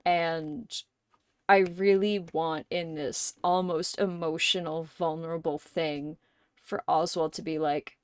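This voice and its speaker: A woman's voice: low voice, fairly even intonation, slow pace, clear, resonant tone, dry recording, clean studio sound. A woman live streamer in casual chat, thinking aloud at length and swearing offhandedly.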